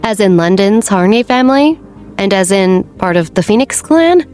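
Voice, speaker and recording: A woman voicing a guarded teenage girl who speaks in a measured, slightly pointed way. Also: mid-range voice, lively intonation, darkish tone, soft background music, lightly acted. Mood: wary.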